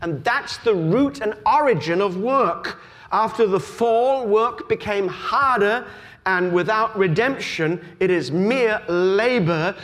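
A man's voice: sits high, animated, slow pace, fairly bright tone. A middle-aged man raised in Australia, preaching a sermon with storytelling that builds to emphatic preaching. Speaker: pastor.

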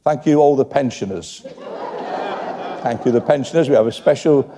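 A man's voice: medium pitch, normal speed, slight background noise. An older man preaching a sermon and making chatty joking asides to the congregation. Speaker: pastor. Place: church hall. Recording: long church hall reverb.

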